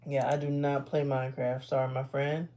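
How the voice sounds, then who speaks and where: A man's voice: mid-range voice, completely flat delivery, normal speed, dark tone. A man in his thirties talks loosely to his viewers from his home computer. He sounds sleepy and stifles yawns. He drifts between thoughts, taking back and fixing what he just said. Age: 30s. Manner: rambling, self-correcting, laid-back. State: sleepy, yawning. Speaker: streamer. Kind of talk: casual live-stream chat.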